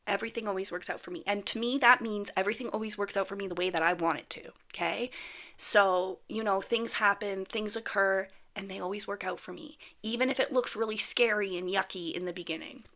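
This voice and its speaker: A woman in her thirties talks straight to camera in a casual, unscripted way. Her voice is bright and forward, and she is blunt and chatty, swearing freely while she tells a story. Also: mid-range voice, brisk. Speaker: manifestation vlogger.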